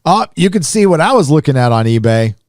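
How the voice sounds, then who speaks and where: A man hosting a live stream, rambling casually with lots of fillers and restarts, his voice rising when animated. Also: a little high, fairly quick, no room sound, clean studio sound. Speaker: live show host.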